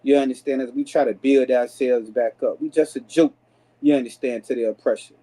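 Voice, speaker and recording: Man, African American Vernacular English, mellow dark tone, middle pitch, casual scripture class, lots of fillers. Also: fairly even intonation, a little fast, rough recording. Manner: casual street-style speech with many "you understand" fillers. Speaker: class teacher.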